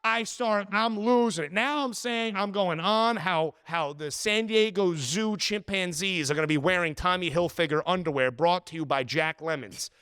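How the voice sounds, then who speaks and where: A man hosting a podcast, telling an exasperated travel story in a casual, animated way. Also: high-pitched, normal speed, few pauses, smooth, no room sound, clean studio sound. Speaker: podcast host.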